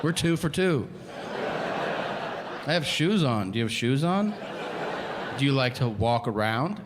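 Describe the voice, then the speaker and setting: A man doing stand-up comedy, giving sarcastic, deadpan advice. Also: mid-range voice, a little slow, pauses often. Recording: reverberant live room with noise.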